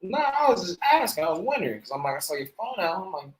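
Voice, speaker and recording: A man in casual chat, telling stories in a relaxed, slangy way. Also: high voice, quick pace, a crowd in the background. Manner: relaxed slangy storyteller, many fillers. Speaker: co-host. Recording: echoey room, faint noise.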